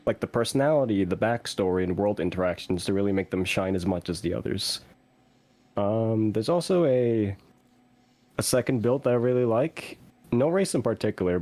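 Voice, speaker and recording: Casting note: thoughtful male player, lowish mellow voice, steady explanations. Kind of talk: casual chat.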